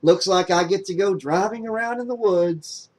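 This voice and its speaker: A man doing a smooth, easygoing young guy. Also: high voice, normal speed, darkish tone, pitched above the performer's own voice, natural voice. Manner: smooth, casual and lightly raised. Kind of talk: audiobook character voice.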